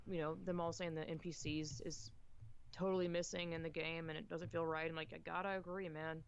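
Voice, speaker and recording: A chatty woman guest on a podcast with a fairly low voice. She rambles through her thoughts and swears freely. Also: flat delivery, brisk, lo-fi sound, slight background noise. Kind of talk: casual chat.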